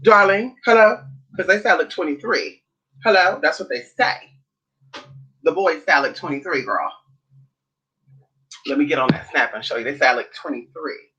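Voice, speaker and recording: A woman's voice: low voice, normal speed, pauses often, a bit bright, highs cut off. A woman vlogging at home, chatting to her viewers in a sassy, profane way and calling them girl and honey. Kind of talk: casual chat to camera.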